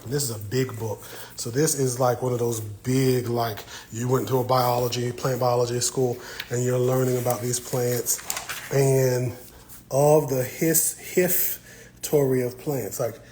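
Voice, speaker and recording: A man's voice: medium pitch, little pitch movement, measured pace, mellow, a little hiss or hum, low-quality recording. Playful man live-streaming from a library. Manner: playful, teasing. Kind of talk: casual live-stream chat. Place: indoor library.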